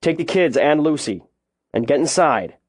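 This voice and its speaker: A man's voice: on the high side, lively intonation, moderate pace, dry recording, clean studio sound. A man voicing a frightened farm father who barks urgent orders at the kids, in an audiobook reading. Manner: urgent, commanding shouts.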